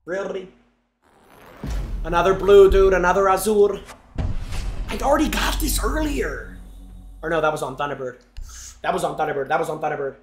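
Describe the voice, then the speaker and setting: A young man live-streaming, chatting loudly and excitedly to his viewers while he opens game packs. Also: high-pitched, normal speed, long pauses, reverberant, soft background music. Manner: excitable, loud, chanting and talking to chat.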